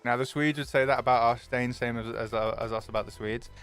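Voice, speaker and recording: A man's voice: medium pitch, fairly even intonation, fairly bright tone, smooth, faint music behind. A young man, chatting casually and jokingly with his stream viewers, swearing freely. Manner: chatty, jokey, quick to swear.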